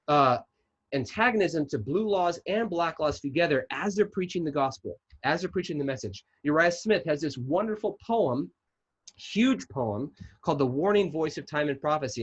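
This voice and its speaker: A man's voice: a little high, lively intonation, normal speed, breathy edge. Earnest man lecturing over a muffled call. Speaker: guest presenter, historian. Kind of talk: online lecture and Q&A. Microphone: video call.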